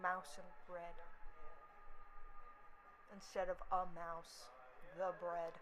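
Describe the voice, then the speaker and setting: Animated, foul-mouthed young woman vlogger. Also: fairly low pitch, a little hiss or hum. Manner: animated, swears freely, slips into quick impressions. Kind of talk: casual rambling chat.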